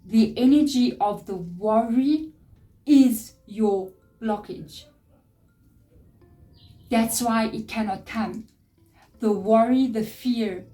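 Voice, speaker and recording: A middle-aged woman reads tarot and gives spiritual advice, speaking earnestly and emphatically with plenty of repetition. Her voice sits on the high side with a warm tone. She's recorded on a distant mic, with faint music in the background.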